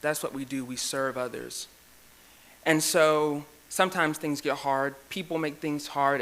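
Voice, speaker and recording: A man's voice: a little high, a bit bright. A young man, a student government president, giving an emotional, heartfelt speech at an awards ceremony, nervous and near tears, speaking in a repeating cadence. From United States. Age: young adult. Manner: heartfelt, repetitive cadence, laughs at own jokes. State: shaking with nerves, near tears. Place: university event room.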